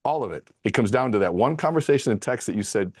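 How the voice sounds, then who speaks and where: Male interview guest, deep voice, excitable storyteller, close dry sound. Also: fast talker, no echo. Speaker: guest speaker and author. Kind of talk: conversational interview.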